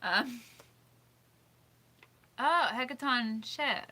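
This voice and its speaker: A woman's voice: a little high, extremely slow, bright, forceful tone. A woman hosting a casual livestream, reading out suggestions, giggling often and thinking aloud as she second-guesses pronunciations. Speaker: livestream host.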